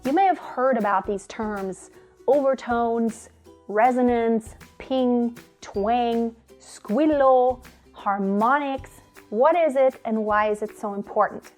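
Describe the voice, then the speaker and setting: A woman teaching singing, explaining vocal technique clearly and stopping to demonstrate tones. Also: fairly high pitch, slow pace, darkish tone, soft background music.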